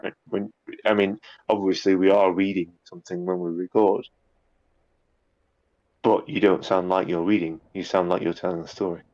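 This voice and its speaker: A man's voice: low voice, level tone, moderate pace, darkish tone, dull audio. A man chatting casually in an interview, rambling a little with repeated words and fillers. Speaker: guest, YouTube narrator.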